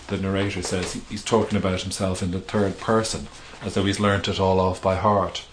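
A man's voice: low-pitched, little pitch movement, a little fast, a little hiss or hum. A middle-aged male author being interviewed, talking thoughtfully with hesitations and restarts. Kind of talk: reflective conversational interview.

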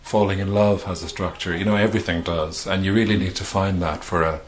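A man's voice: sits low, steady tone, brisk. A middle-aged male author being interviewed, talking thoughtfully with hesitations and restarts. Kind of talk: reflective conversational interview.

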